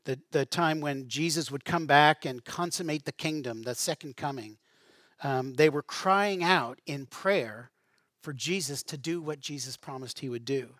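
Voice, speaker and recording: Middle-aged guy pastor giving a sermon, chatty with little jokes, kinda higher voice, dry close mic. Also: unhurried, a bit bright, dry recording. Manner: conversational preaching with asides and light humor.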